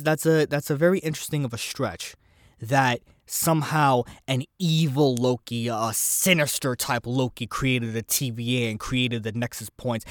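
Guy doing his solo podcast, rambly and worked up, dry close mic, middle pitch. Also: dry recording. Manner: rambling, animated, thinking aloud. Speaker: podcast host. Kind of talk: casual solo podcast commentary.

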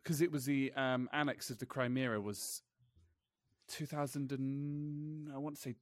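A British man hosts a relaxed podcast conversation. He rambles through anecdotes with stumbles, restarts and laughter, at a middling pitch. The sound is dry and close. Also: unhurried, dry recording. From Britain. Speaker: podcast host. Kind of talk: casual podcast chat.

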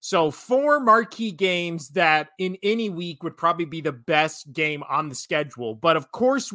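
A man's voice: high-pitched, sharp tone, no room sound, studio quality. A man in his thirties co-hosting a casual sports podcast, joking and rambling, laughing often. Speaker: podcast co-host.

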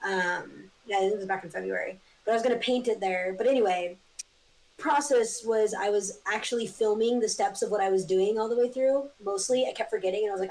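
A woman chatting as a podcast guest, telling animated stories and swearing freely. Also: medium pitch, fast, rough recording. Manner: animated storyteller, swears often. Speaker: guest artist. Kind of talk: casual chat.

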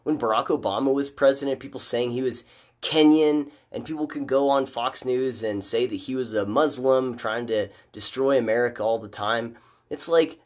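A man hosting a live stream of political commentary, talking casually and getting animated and exasperated as he argues. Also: mid-range voice, normal speed. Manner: animated, exasperated, rises sharply when mocking views.

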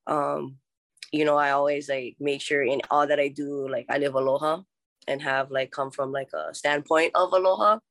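A woman's voice: sits low, fairly even intonation, normal speed, no echo. A young adult woman from Oahu with a Hawaiian accent, chatting as a podcast guest, laughing often and mixing Hawaiian words into her talk. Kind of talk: casual conversational interview.

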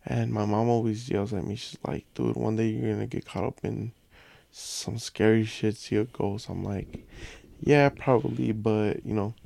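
A man's voice: fairly low pitch, steady tone, moderate pace, vocal fry, mellow, no room sound. A young man from a Mexican family, a podcast guest telling rambling, profane anecdotes in casual chat.

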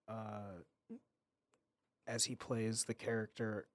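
A man co-hosting a podcast in casual chat, who acts out quotes in quick character voices. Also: on the low side, little pitch movement, dry recording. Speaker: podcast co-host.

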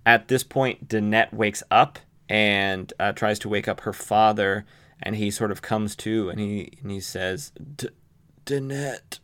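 A male podcaster recaps a comic book story in a relaxed, chatty way, peppering his speech with fillers and asides. His voice sits low and sounds smooth and resonant. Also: a little slow. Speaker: podcast host.

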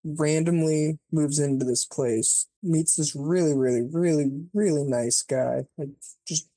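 A podcast co-host casually retelling a movie plot, rambling and swearing, filling every pause with "like" and acting out the characters' lines. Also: medium pitch, dark tone, no room sound. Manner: rambling, profane, peppered with "like"; acts out characters' lines mid-story.

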